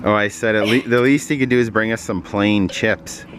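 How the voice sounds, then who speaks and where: A man's voice: lowish voice, steady tone, normal speed, a bit bright, a little hiss or hum. A man joking around in casual banter outdoors in a backyard. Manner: joking, playful.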